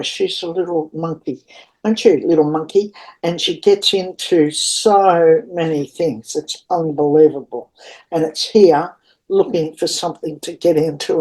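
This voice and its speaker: A woman's voice: low voice, warm tone, rough recording. A woman talking as a psychic reader in a meandering spiritual monologue, calling her listeners darlings.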